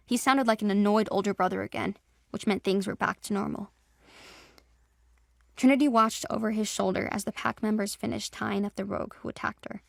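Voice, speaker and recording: A woman's voice: medium pitch, fairly even intonation, fairly quick, creaky, no echo, clean studio sound. A woman narrating a fantasy audio drama with dramatic storytelling.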